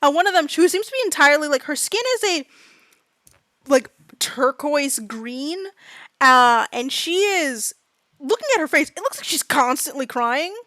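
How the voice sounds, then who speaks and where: A young woman narrating a tabletop game as game master, talking quickly with lots of fillers. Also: high-pitched, expressive, bright, forceful tone, no echo. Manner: fast, filler-heavy narration with laughs.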